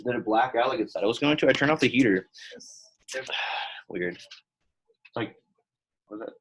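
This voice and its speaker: Young male teacher, casual and chatty, mid-pitched, loose classroom talk. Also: brisk, long pauses, low-quality recording. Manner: relaxed, chatty, many fillers. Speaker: Latin teacher.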